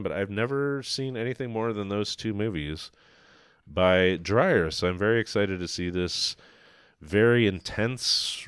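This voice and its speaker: A man's voice: fairly low pitch, smooth, dry recording, clean studio sound. A man co-hosting a film podcast, chatting casually with enthusiasm and some swearing. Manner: enthusiastic, profane, rambling. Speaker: podcast co-host.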